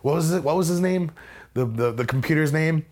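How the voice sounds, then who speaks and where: A man's voice: a little high, brisk, a little mellow. A man guest in an interview, telling a story in a rambling, self-mocking way with many restarts. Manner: acts out other people's lines in a raised voice. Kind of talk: casual conversational storytelling.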